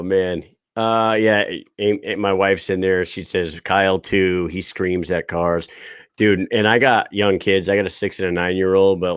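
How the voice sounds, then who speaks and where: A man's voice: low-pitched, clean tone, no echo. Male host in his thirties, loose and profane, dry close-miked read. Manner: swears freely, laughs often, quick storytelling. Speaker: podcast host. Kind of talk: casual chat.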